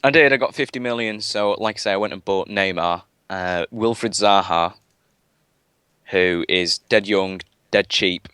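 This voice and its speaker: Deep-voiced rambling man. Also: unhurried, pushed and bright, smooth, no room sound. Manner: rambling, chatty, many fillers and restarts. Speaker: guest gamer. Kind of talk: casual live-stream chat.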